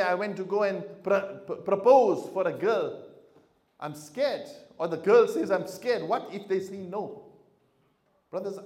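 Animated preaching man, echoey hall. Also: high-pitched. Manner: storytelling, swings from quiet to loud emphasis. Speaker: imam. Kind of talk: sermon to a congregation.

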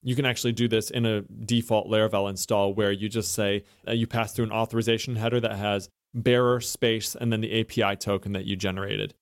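A man's voice: on the low side, flat delivery, a little fast, hardly any pauses, clean tone, no room sound, clean studio sound. An American man co-hosting a casual tech podcast, chatty and enthusiastic as he walks through the news. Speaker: podcast co-host.

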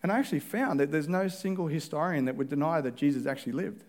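A man's voice: on the high side, fast. Man preaching in a conversational way. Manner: conversational, acts out both sides of dialogues. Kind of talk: sermon.

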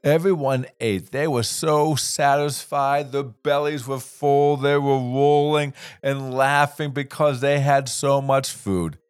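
A man telling a children's story in a gentle, unhurried, expressive way. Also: mid-range voice, clear, resonant tone, dry recording, studio quality.

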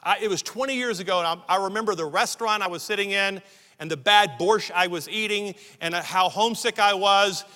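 A man's voice: sits high, a little fast, pushed and bright. A middle-aged American man preaching a sermon as pastor, emphatic and building lists of repeated phrases. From United States. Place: church sanctuary. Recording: long reverb of a large hall.

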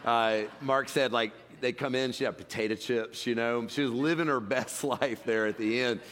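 A man's voice: mid-range voice, fairly even intonation, normal speed, a bit bright. Conversational male pastor in a reverberant hall. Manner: conversational preaching with frequent restarts and fillers. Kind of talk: sermon. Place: church sanctuary.

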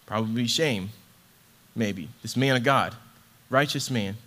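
A man's voice: mid-range voice, measured pace, bright, forceful tone. Earnest man reading and reflecting on scripture. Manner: earnest, heartfelt, repeats words as he searches for them. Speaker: church ministry associate director.

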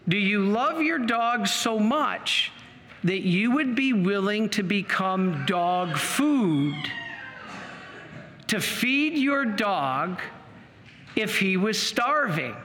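Brief: priest doing an old bishop, bright, patient, probing, echoey church hall. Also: male voice, high voice, sing-song, very slow, slight background noise, heavily acted. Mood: earnest. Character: elderly male bishop, gently questioning a boy.

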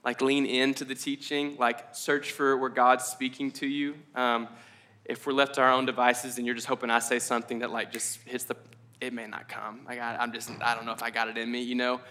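A man preaching a conversational sermon at a church service, casual and animated, with many likes and ums. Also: mid-range voice, a little fast. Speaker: pastor.

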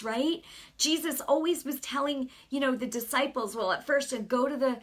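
A woman's voice: high-pitched, unhurried. A middle-aged woman giving an earnest, conversational sermon, telling a personal story with lots of casual asides. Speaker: preacher.

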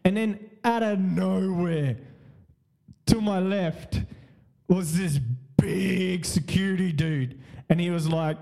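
High-voiced man telling stories. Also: steady tone, slow, gravelly, warm tone. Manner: rambling, repetitive, laughs often, swears freely. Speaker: podcast host. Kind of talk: casual storytelling.

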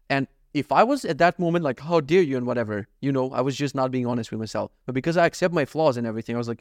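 A man's voice: mid-range voice, quick pace, dry recording, clean studio sound. A man hosting a casual solo podcast from home, talking candidly and self-critically with plenty of swearing. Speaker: podcast host.

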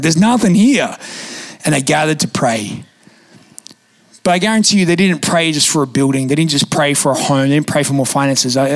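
A young man preaching a sermon in a church, telling stories in a lively, conversational way with casual fillers. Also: fairly high pitch. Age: young adult. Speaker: pastor. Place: church auditorium.

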